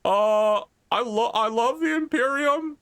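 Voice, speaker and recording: A man's voice: very high-pitched, unhurried, fairly bright tone, clean tone, no echo, studio quality, pitched above the performer's own voice, full character voice. A man voicing an awkward fourteen-year-old boy prince, rambling nervously with ums.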